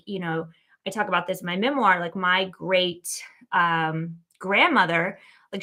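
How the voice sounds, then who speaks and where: A woman hosting her own show, giving a casual, animated motivational talk full of "like" and "okay?". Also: mid-range voice. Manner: animated, chatty, lots of "like" and "okay?". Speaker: keynote speaker and show host.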